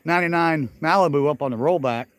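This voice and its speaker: Outdoors, a middle-aged man runs a garage channel vlog, talking quickly in a slightly high voice. He chats casually, rambling and correcting himself, with frequent chuckles.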